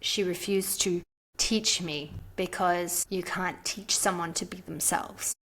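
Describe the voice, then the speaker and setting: A woman's voice: on the low side, slow pace, husky. A woman guest on a podcast, telling a personal story in a casual, chatty way, with lots of "like" fillers. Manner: chatty, frequent "like" fillers, animated retelling.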